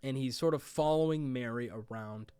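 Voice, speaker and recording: A man's voice: mid-range voice, moderate pace, mellow, clean tone, no room sound. Guy rambling through a movie recap, tons of likes and ums, dry close sound. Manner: rambling, fillers like "like" and "um". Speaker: movie reviewer. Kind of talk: casual movie plot recap.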